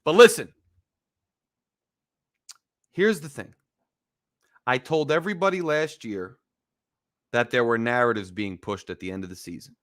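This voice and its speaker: Bright-voiced man ranting about his team. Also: mid-range voice. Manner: emphatic, wry, repetitive ranting. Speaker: sports podcast host. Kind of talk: casual fan rant.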